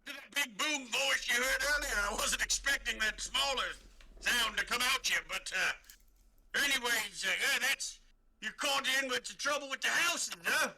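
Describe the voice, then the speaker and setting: Blunt dismissive guard captain in a tabletop game, game master putting him on, bright voice. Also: male voice, extremely high pitch, normal speed, pitched above the performer's own voice, heavily acted. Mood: gruff. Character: gruff male city guard captain.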